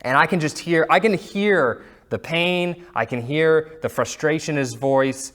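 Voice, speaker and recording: A man teaching a Sunday school class, reading scripture aloud and chatting in a relaxed way with fillers and asides. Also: on the high side, unhurried. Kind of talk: casual Bible lesson with reading aloud.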